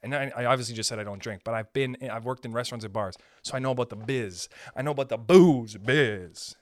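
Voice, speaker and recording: A young man hosting a podcast, rambling profanely in a casual comedic monologue from home and breaking into high-pitched voices. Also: steady tone, quick pace, fairly bright tone, no room sound. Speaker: podcast host.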